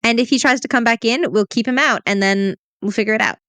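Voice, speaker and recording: Animated woman plotting a tabletop heist. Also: on the high side, fast talker, no echo. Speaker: player. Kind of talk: in-character tabletop play.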